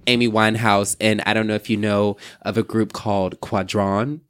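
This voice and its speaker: Young man, slangy podcast co-host, lowish voice, dry close sound. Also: moderate pace, smooth, no room sound. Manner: animated, slangy, laughing storyteller. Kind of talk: casual group chat.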